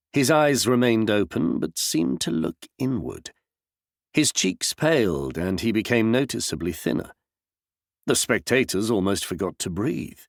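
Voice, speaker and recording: A man narrating an audiobook novel in a measured, expressive storytelling manner on a close mic. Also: medium pitch, vocal fry, no echo. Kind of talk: scripted narration.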